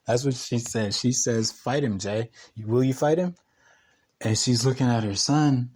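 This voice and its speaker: A man voicing a pushy middle-aged woman landlord who goads and mocks in a high voice. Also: measured pace, darkish tone, husky. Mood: goading. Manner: mocking, goading, high-pitched.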